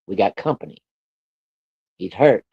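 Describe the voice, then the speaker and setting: A man's voice: fairly low pitch, animated, measured pace, gravelly, breathy edge, no room sound, pitched below the performer's own voice, exaggerated voice. A man quoting a stern, bossy old woman witch in his own plain voice, on a dull lo-fi recording.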